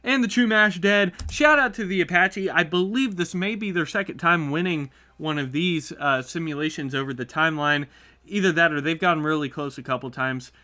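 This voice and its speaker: A man's voice: fairly high pitch, normal speed. A man hosting his channel, giving chatty, upbeat play-by-play commentary on a map simulation. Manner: upbeat, chatty, reacts with excitement. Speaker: YouTube host.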